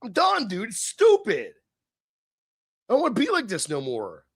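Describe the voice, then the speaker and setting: A tipsy man hosting a live stream, ranting and swearing, swinging between low mutters and shouted outbursts. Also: huge pitch swings, normal speed, vocal fry, slightly rough, no echo. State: tipsy from beer. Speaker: livestream host. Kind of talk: profane live-stream rant.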